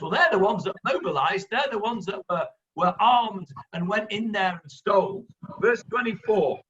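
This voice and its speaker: A man teaching a Bible class as a rabbi, explaining the text in lively fashion and acting out what the characters say. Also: high-pitched, moderate pace, hardly any pauses, muffled recording, slight background noise. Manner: lively, acts out voices of the characters, interrupts the reader.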